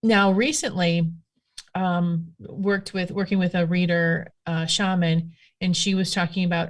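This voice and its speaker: Chatty woman with a low voice. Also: a little slow. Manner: chatty, rambling, animated storytelling with many fillers. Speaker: guest, witchcraft practitioner. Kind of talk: casual storytelling conversation.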